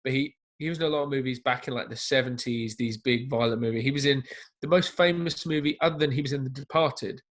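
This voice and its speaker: A man's voice: medium pitch, fast talker. A man from Essex with an Essex English accent, chatting casually as a podcast co-host over a remote call, with frequent fillers and casual swearing. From England, Essex. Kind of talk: casual chat.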